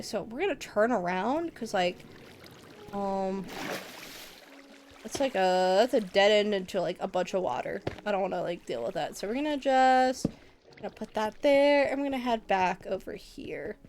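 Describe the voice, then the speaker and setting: A woman's voice: medium pitch, normal speed, pauses often, a little mellow, slight background noise. A woman streaming a game, chatting casually with viewers in a rambling, goofy, giggly way. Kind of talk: casual live-stream chat while gaming.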